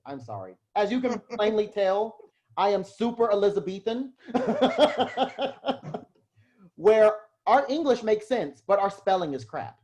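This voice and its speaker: A man giving a casual lecture to a live class on heraldry, chatty and self-deprecating, quick to laugh at himself. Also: high-pitched, darkish tone.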